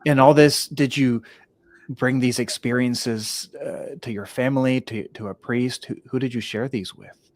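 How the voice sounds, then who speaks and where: A male interviewer with a mid-range voice guides the conversation. He often stammers and restarts. He drops quick affirmations between the guest's answers. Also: medium pitch, steady tone, no room sound. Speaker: host. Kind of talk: podcast interview.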